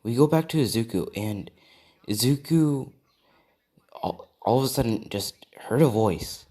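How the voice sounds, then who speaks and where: A man's voice: medium pitch, expressive, unhurried, warm tone, slightly rough. Rambling man telling a fan story. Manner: rambling, with many fillers and asides to viewers. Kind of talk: casual improvised story narration.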